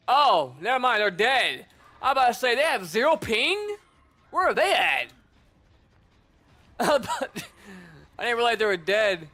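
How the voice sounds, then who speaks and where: A young man streaming a game, talking casually and excitably, swearing and calling people bro and dude. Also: very high-pitched, measured pace, long pauses. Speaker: gaming streamer. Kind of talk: casual gameplay commentary.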